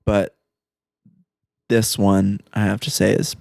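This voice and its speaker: A man's voice: fairly low pitch, flat delivery, slow pace, gravelly, a little mellow, no room sound, clean studio sound. A man co-hosting a podcast, chatting casually about a movie in a loose way, swearing and saying "like" a lot. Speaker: podcast co-host.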